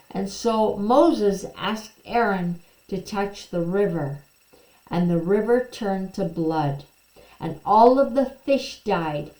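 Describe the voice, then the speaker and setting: A woman teaches a children's Bible lesson, reading the story gently and at a very unhurried pace. Her voice sits at an ordinary middle pitch. The room around her rings with a noticeable echo. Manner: slow, gentle storytelling, quoting figures with a bit more lift. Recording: echoey room.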